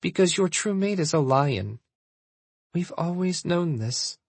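A man voicing a worried, overbearing middle-aged mother in an audiobook, pleading and insistent, with a husky voice. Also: sits high, lively intonation, a little slow, no room sound, pitched above the performer's own voice, exaggerated voice. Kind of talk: audiobook character voice.

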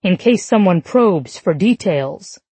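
A woman's voice: lowish voice, expressive, slow pace, mellow, husky, no room sound, full character voice. A woman voicing a devoted, teasing husband who tells playful fibs with a straight face. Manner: dry, playful fibbing. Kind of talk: audiobook narration.

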